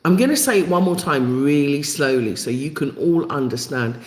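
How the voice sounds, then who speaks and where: A woman's voice: deep voice, lively intonation, normal speed, few pauses, a little mellow. Woman hosting a live stream, emphatic, repeats herself for effect, voice rises and falls a lot, echoey room. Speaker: channel host. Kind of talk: live-stream talk to viewers.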